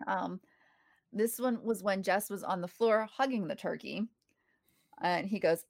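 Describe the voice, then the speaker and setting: A woman's voice: mid-range voice, unhurried, gravelly, long pauses, no room sound. A woman co-hosting a casual podcast chat, animatedly quoting lines and laughing as she goes. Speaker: podcast co-host. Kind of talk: casual chat reviewing a sitcom episode.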